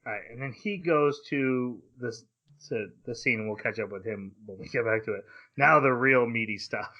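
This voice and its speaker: Man, podcast host, casual anime chat, animated retelling, dull lo-fi sound. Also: mid-range voice. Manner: animated retelling with quick voice switches.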